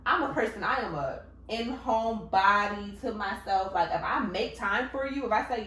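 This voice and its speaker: A woman's voice: medium pitch, moderate pace, a bit bright, slight background noise. A woman hosting a casual podcast chat, candid and blunt, swearing freely and acting out what people say. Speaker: podcast host. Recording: roomy, from a distance.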